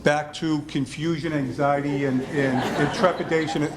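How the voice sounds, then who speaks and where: A man's voice: a little high, fairly even intonation, normal speed, noisy background. A man telling a self-deprecating story in a hall of fame acceptance speech at a restaurant event, acting out the voices of the people in it.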